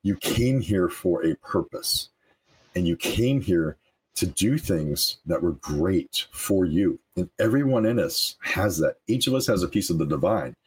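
A man talking as a life coach guest in a casual interview, earnest and animated, laughing often. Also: low-pitched, measured pace, slightly rough, rough recording.

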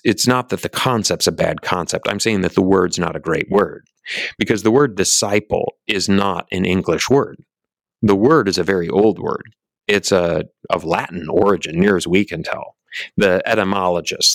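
A very deep, gravelly male voice giving a teaching talk in a loose, rambling way. He jokes at his own expense and keeps restarting his sentences. The sound is close and dry. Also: a bit bright, no echo. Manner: rambling, self-deprecating, frequent restarts.

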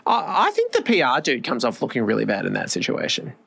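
Man co-host, gravelly voice, hesitant wry chat, stammers. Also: mid-range voice, huge pitch swings, brisk, a bit bright. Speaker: podcast co-host. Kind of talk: casual chat.

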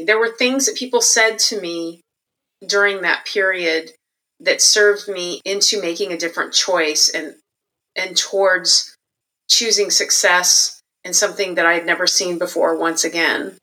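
A middle-aged woman recounts her past in a candid, reflective manner. Her voice sits a little low in pitch but rings bright and forceful, and she livens up whenever she quotes someone. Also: measured pace, rough recording. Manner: candid and reflective, animated when quoting others. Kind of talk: personal storytelling interview.

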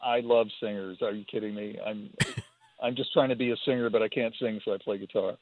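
A man's voice: fairly low pitch, steady tone, brisk, no room sound. A man talking casually as a guest in a phone interview, rambling and self-deprecating, often repeating his words. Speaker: guitarist guest. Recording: tinny phone line, husky.

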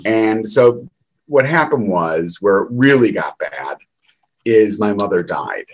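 A man's voice: on the low side, animated, slow pace, rough recording. A middle-aged man telling candid stories in a rambling way, with wry laughs. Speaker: guest. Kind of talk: candid conversational storytelling.

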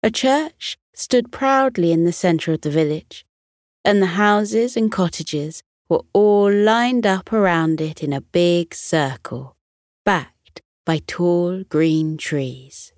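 A British woman narrating a children's bedtime story in a soft, soothing manner. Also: on the low side, takes it slowly, no echo, studio quality.

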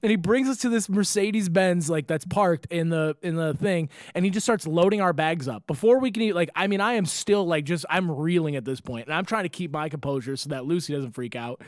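A man's voice: a little high, a little fast, hardly any pauses, no echo, clean studio sound. A young man hosting a casual podcast, telling a story with lots of swearing and acting out other people's lines. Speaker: podcast host. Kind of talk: casual chat.

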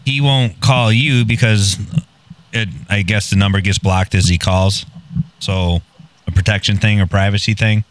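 A man's voice: fairly low pitch, steady tone, unhurried. A man casually telling a long anecdote, blunt and profane and poking fun at himself. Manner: blunt, profane, self-mocking. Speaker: podcast guest telling a story. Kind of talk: casual storytelling.

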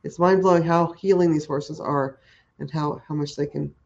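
A woman's voice: low-pitched, steady tone, normal speed, gravelly, darkish tone. A woman guest talking enthusiastically in a conversational interview, rambling with many restarts and fillers. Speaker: guest who works with horses. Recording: dull lo-fi audio.

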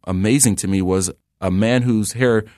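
A man reporting the news, calmly retelling what the people he interviewed told him. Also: lowish voice, no room sound, studio quality. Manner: measured, retelling what others said. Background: music bed.

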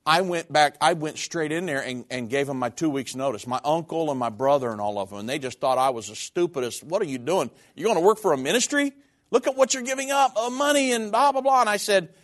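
Earnest middle-aged man preaching a testimony. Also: a little high. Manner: earnest, candid, conversational preaching. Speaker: minister. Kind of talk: personal testimony sermon.

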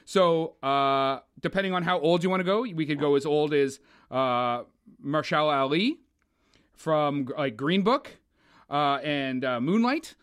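Animated high-voiced man reviewing films. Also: normal speed, clear, resonant tone. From Canada. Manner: opinionated, animated, swears, mocks with put-on voices. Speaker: podcast co-host. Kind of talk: casual film review chat.

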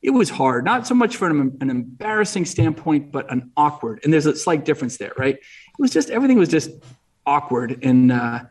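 A middle-aged man from New England, chatting loosely as an interview guest, circling back and restarting his thoughts. His voice sits a little high for a man and is heard from a distance from the microphone. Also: very animated, a little fast, breathy edge. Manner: rambling, frequent restarts and fillers. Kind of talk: casual interview chat.

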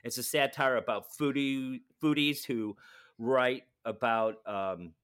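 Podcast guy rambling along with lots of uhs, average pitch. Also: steady tone, takes it slowly, clear, resonant tone. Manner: rambling, many fillers, loud at times. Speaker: podcast co-host. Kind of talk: casual chat.

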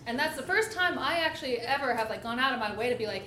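This woman speaks fast in a high, bright, forceful voice with lively intonation, casually telling a candid and comedic story full of giggles and "like." The recording has echo and background noise.

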